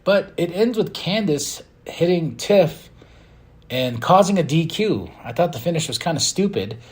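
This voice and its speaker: A man's voice: fairly high pitch, unhurried. A man hosting a podcast, giving an opinionated, casual recap and acting out quotes as he goes. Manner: animated, opinionated, acts out quotes. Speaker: podcast host.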